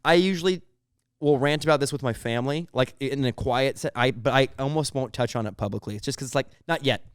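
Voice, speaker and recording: A man's voice: medium pitch, fast talker, clear, resonant tone, no room sound, studio quality. A young man co-hosting a podcast, chatting casually and often restarting his sentences. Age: young adult. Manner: hesitant, restarting phrases. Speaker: podcast co-host. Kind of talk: casual chat.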